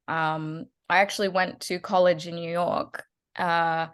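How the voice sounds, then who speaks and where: A woman's voice: on the low side, flat delivery, a little slow, clean tone. Chatty Australian woman in her twenties. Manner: chatty, laughs often. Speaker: guest actress. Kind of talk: casual interview chat.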